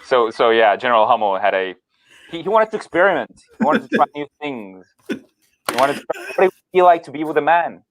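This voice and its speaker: A man co-hosting a podcast, telling rambling stories with deadpan jokes in casual chat. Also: medium pitch, a little fast. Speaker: podcast co-host.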